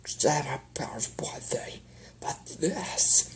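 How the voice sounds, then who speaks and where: A man's voice: fairly high pitch, very animated, slow, voice pushed up, full character voice, poor audio. A man voicing a grieving male chaos spirit who pleads desperately and breaks into strained whispers. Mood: furious.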